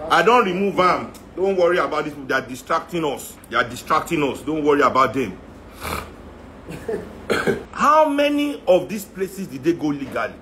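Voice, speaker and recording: A man's voice: fairly high pitch, fairly bright tone, a little hiss or hum. A man with a Nigerian accent giving an impassioned rant, firing off rhetorical questions. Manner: heated, rhetorical, repeating questions. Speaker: speaker in a talk.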